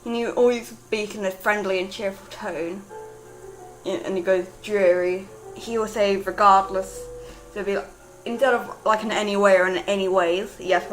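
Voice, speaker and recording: A young British woman talks about her own character in a loose, rambling way. She leans on "like" and often restarts her sentences. Her voice sits in a middle pitch, with faint music underneath. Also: poor audio. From Britain. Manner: rambling, lots of "like" fillers and restarts. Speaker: writer discussing her character. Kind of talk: casual rambling monologue.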